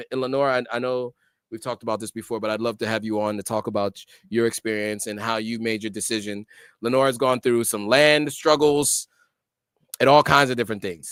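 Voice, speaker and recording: A middle-aged American man talks through viewer questions on a casual livestream, pausing often with ums and false starts. His voice is smooth and resonant, at a middle pitch. The sound is close and dry, with no room in it. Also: dry recording. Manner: hesitant, many ums and restarts. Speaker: livestream host reading viewer comments.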